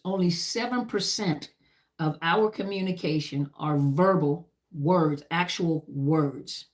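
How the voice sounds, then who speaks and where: A middle-aged woman who served in the army, teaching about trauma in an emphatic, repetitive lecture style full of lists and "you know". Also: sits low.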